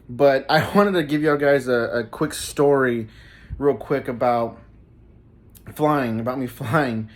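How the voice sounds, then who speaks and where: Guy vlogging, casual, keeps repeating words, laughs here and there. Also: mid-range voice. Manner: halting, repeats words often, laughs mid-sentence. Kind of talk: casual vlog storytelling.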